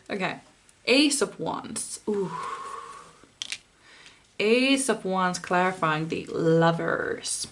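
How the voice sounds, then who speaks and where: A woman's voice: lowish voice, lively intonation, drawn-out words, long pauses, slight background noise. A woman giving a pick-a-card tarot reading, speaking straight to the viewer, blunt and impassioned, swearing freely.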